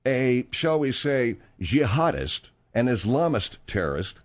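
A middle-aged man hosting a talk-radio show, rambling in a casual, animated way with plenty of fillers. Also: medium pitch, unhurried.

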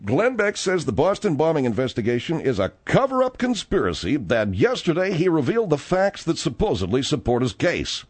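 A middle-aged man hosts a talk-radio show with a lively, swooping delivery. He rambles through stories in a casual way, full of fillers and asides. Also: on the high side, brisk, few pauses, slightly rough. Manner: rambling and animated, with frequent fillers.

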